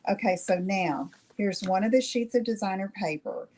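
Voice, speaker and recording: A middle-aged woman hosts a live craft demonstration, chatting with her viewers and asking "okay?" after every step. Her voice is mid-range and a little mellow, her pace moderate, and there's a slight hiss or hum in the recording.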